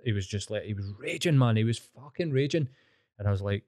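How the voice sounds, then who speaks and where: A man's voice: on the low side, lively intonation, brisk, darkish tone, no echo. A man in his thirties with a Glaswegian Scottish accent, telling blunt, sweary stories as a podcast guest, rambling with restarts. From Scotland. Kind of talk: candid storytelling.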